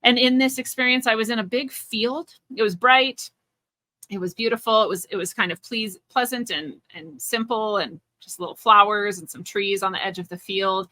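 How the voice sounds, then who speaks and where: Bright-voiced woman telling a personal story. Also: mid-range voice, steady tone, moderate pace, no room sound. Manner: earnest and searching, many restarts and fillers. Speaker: interview guest, spiritual teacher.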